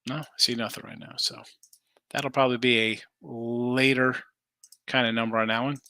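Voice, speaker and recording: A man's voice: mid-range voice, steady tone, moderate pace, pushed and bright, no echo, clean studio sound. A man hosting a sports betting show, casually running through picks and answering viewers. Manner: loose, rambling, answers chat comments. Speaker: sports betting podcast host.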